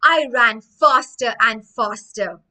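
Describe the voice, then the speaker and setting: A woman's voice: a little high, slow, bright, forceful tone, full character voice. A woman reading aloud as a boy telling his own embarrassing story in storybook style. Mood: storytelling. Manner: storybook first-person narration.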